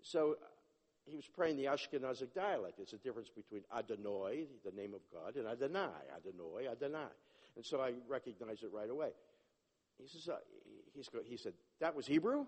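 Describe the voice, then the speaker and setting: A man giving a personal testimony, animated and acting out the dialogue, often restarting his sentences. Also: medium pitch, fairly quick. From Jewish upbringing, not a place. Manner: animated, acts out dialogue, self-interrupting. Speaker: testimony speaker. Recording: long hall reverb.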